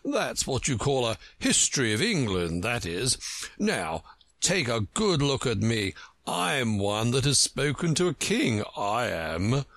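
A man's voice: medium pitch, sing-song, unhurried, fairly bright tone, no echo, heavily acted. A man voicing a pompous, touchy male know-it-all from a storybook who lectures everyone he talks to. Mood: boastful. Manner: self-important, lecturing.

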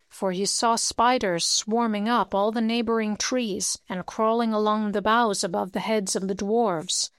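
Woman audiobook narrator, smooth clear voice, close and dry recording. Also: mid-range voice, a little slow, few pauses, no room sound. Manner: steady storytelling, lifts her voice for dialogue. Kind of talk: audiobook reading.

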